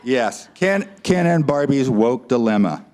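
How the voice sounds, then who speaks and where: A man running a comic quiz and puppet show as a guest speaker, with playful quick asides to the audience. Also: mid-range voice, expressive, a little mellow.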